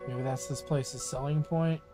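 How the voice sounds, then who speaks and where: Guy mumbling through a game stream, laid back, mid pitch, faint music behind. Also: unhurried. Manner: relaxed, muttering to himself while playing. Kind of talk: casual gameplay commentary.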